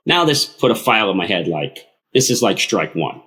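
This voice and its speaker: A man's voice: on the low side, normal speed. A middle-aged man telling stories in casual conversation, acting out both sides of the exchanges he recounts. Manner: animated, acts out both sides of quoted conversations. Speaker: podcast guest. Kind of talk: casual storytelling.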